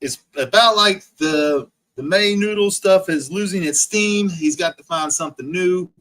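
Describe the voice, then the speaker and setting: A man's voice: high-pitched, unhurried, a bit bright, low-quality recording. A man ranting profanely on his livestream, mocking rivals over and over and answering chat comments. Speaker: livestream host.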